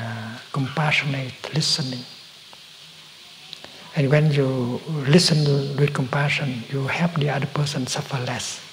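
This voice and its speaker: Gentle, halting man giving a dharma talk. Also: medium pitch, slight background noise, low-quality recording. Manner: slow, gentle, halting with many pauses and soft whispered stretches. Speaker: meditation teacher.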